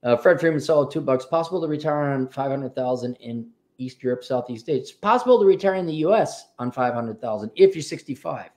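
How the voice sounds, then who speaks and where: A man's voice: medium pitch, fast talker, hardly any pauses. A man from the United States hosting a livestream, reading out paid chat messages and answering them in an offhand, wry way. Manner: offhand, wry, lively commentary.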